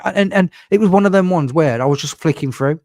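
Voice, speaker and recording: A man's voice: a little high, fairly quick, a little mellow, dry recording. Chatty rambling man, dry close sound. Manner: rambling, lots of fillers and acted-out quotes. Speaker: podcast host. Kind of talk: casual chat.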